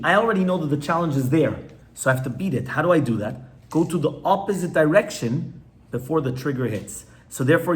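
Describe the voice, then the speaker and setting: Pitched a little high, this man's voice belongs to a rabbi giving a casual, conversational class to people gathered live. He often breaks off to put questions to them.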